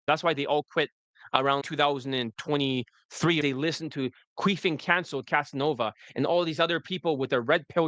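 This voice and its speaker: A male dating coach talking through a livestream replay in a somewhat high voice. He is blunt and heavy with profanity, and he rambles loosely from point to point. The sound is dry and close. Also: a bit bright, no room sound.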